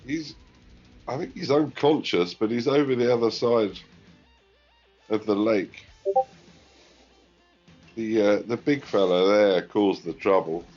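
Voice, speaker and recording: A man playing a formal, measured gentleman servant. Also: fairly low pitch, lo-fi sound, faint music behind. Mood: deferential.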